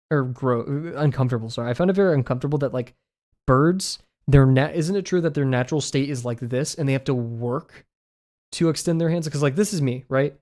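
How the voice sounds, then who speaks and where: A man's voice: mid-range voice, darkish tone. A young man streaming as he draws, chatting casually in a rambling, amused way and often correcting himself. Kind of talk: casual chat while drawing on stream.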